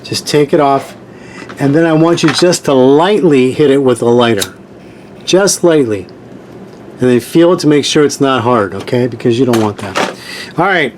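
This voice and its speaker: Guy walking you through a sewing project real slow, repeats stuff, bit of room noise. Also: mid-range voice. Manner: patient, repeats key points, plain instructions. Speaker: sewing tutorial host. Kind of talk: step-by-step craft tutorial.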